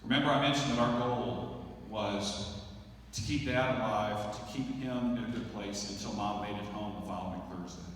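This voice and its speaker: A middle-aged man delivering a eulogy for his father, speaking slowly and reflectively with long pauses. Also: on the low side, fairly bright tone, distant mic, slight background noise. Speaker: son giving a eulogy. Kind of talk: eulogy speech. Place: large church sanctuary. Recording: echoey church hall, heard from afar.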